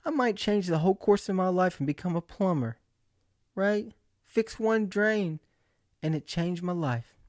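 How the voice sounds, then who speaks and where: A man's voice: high voice, moderate pace, no echo, clean studio sound. A man hosting his own show, talking in a casual, jokey solo monologue and acting out his own inner voice as he tells stories about himself. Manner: animated storyteller who acts out his own inner voice; jokey and self-mocking. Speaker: host.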